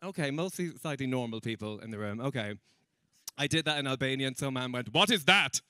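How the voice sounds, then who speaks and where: A man's voice: medium pitch, fast, fairly bright tone, slight background noise. A young Irish man doing a stand-up comedy set on a stage, chatty and self-mocking, acting out other people's voices as he goes. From Ireland.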